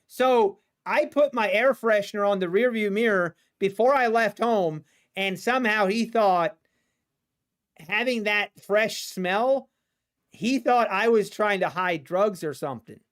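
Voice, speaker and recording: A man's voice: high voice, unhurried, fairly bright tone. Rambling American man telling a story. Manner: rambling, with many restarts and asides to chat. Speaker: day-trading livestreamer. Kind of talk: casual storytelling on a livestream.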